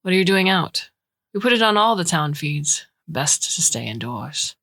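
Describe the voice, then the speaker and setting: A woman voicing a grizzled, burly male security guard with an Afrikaner accent who gives curt, gruff warnings. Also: lowish voice, sing-song, moderate pace, sharp tone, no room sound, full character voice. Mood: stern.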